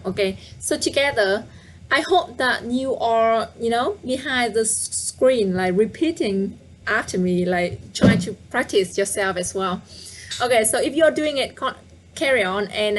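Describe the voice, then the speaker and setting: A woman's voice: mid-range voice, slight background noise. A woman teaching a live online language lesson, patiently repeating words and inviting viewers to guess. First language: Vietnamese. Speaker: Vietnamese teacher.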